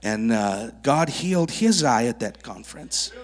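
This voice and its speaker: A male preacher speaking to children in a church sanctuary. He tells his stories vividly and draws kids up on stage as volunteers. His voice sits at an ordinary middle pitch. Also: unhurried, very noisy. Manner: animated storyteller who works with child volunteers. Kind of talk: sermon with testimony stories.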